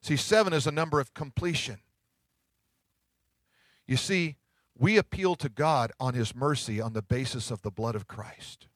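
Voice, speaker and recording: A middle-aged man pastor giving a sermon, telling stories in a conversational way and dropping to hushed tones at tender moments. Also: mid-range voice, moderate pace, long pauses, no echo. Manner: conversational storytelling preaching, drops to hushed tones.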